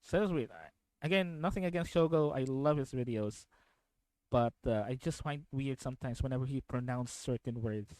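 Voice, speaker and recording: Young filipino streamer dude rambling on, repeats stuff, laughs a lot, dry sound. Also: male voice, mid-range voice, moderate pace, a little mellow, no echo, poor audio. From Philippines. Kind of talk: casual stream chat, reacting to videos.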